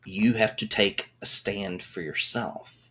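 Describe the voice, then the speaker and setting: A woman's voice: very deep voice, takes it slowly, a bit bright, slightly rough. A woman co-hosting a talk show, mostly giving brief agreeing responses. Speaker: podcast co-host. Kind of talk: casual chat.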